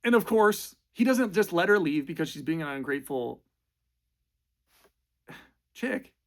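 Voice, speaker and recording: A man's voice: on the high side, animated, a little slow, fairly bright tone. A man giving sarcastic, casual movie commentary in a mocking, slangy, exasperated way. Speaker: movie reviewer.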